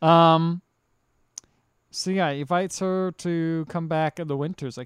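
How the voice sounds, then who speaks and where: Smooth-voiced man recapping a film. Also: a little high, a little slow, no echo, studio quality. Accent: American. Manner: animated retelling with quoted character lines. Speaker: podcast co-host. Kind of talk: casual chat, recapping a film.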